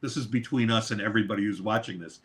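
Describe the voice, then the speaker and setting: Man telling an animated studio story. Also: fairly low pitch, quick pace. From New York. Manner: animated, swears freely, laughs mid-story. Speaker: guest, record producer and mixer. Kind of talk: storytelling in a podcast interview.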